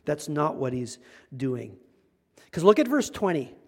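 A man with a high, light voice preaches a sermon in a relaxed, conversational way. He's a middle-aged pastor who slips into other people's voices to act out what they say. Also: measured pace, husky.

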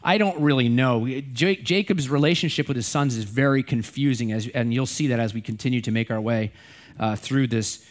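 A man's voice: mid-range voice, moderate pace. A middle-aged man preaching a sermon in a conversational way, repeating and stressing key words. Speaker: pastor.

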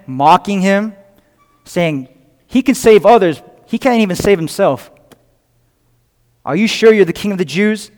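A male preacher with a slightly high voice delivers a sermon in an earnest storytelling style. He acts out the voices of the people in the story as he goes. His voice rings with the long reverb of a hall. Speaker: pastor.

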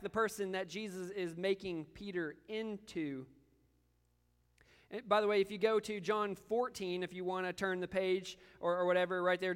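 An earnest male pastor delivers a sermon in a high, smooth and resonant voice. He often repeats words as he presses a point. His voice carries a long reverb, as in a church hall.

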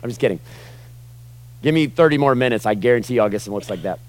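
A man in his forties preaching a sermon as pastor, animated, acting out groans and questioning the congregation. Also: medium pitch, fast. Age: 40s.

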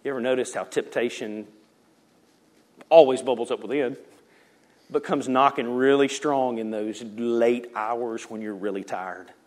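A pastor preaching a sermon in a church, swinging from loud emphasis to hushed near-whispers and acting out quotes. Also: male voice, mid-range voice, a little slow. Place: church sanctuary.

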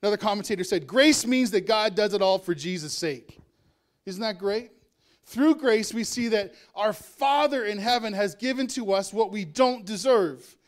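A man's voice: high-pitched, normal speed. A male pastor preaching a sermon in a conversational way, with asides and chuckles.

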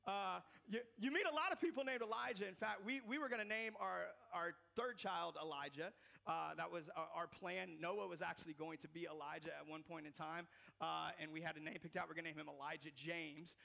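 Pastor, man, 30s: gravelly, animated, slangy, repeats himself while preaching. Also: a little high, fairly quick. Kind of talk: casual preaching sermon.

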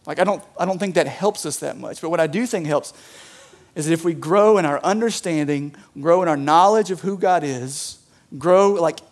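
A man's voice: a little high, moderate pace. A man preaching a sermon as a pastor, talking casually with lots of "like" and "right?".

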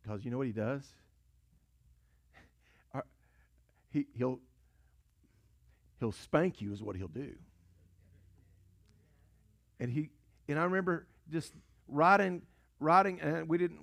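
A man's voice: on the high side, a little slow, vocal fry, long pauses, a bit bright. A man, a pastor, preaching a sermon in a storytelling way, repeating phrases and asking rhetorical questions. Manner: storytelling, repetitive, rhetorical questions and call-and-response.

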